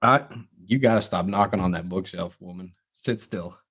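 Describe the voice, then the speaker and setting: A man's voice: sits low, normal speed, fairly bright tone, husky. A young man co-hosting a podcast in casual chat, a rambling storyteller talking through a stuffed-up nose. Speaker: podcast co-host.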